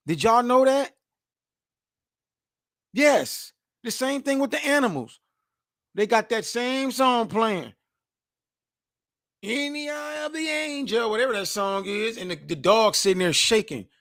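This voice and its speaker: A man in his forties reacting to news clips as host, animated, emphatic and mocking, full of slang. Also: sits high, a little slow, long pauses, no echo, studio quality.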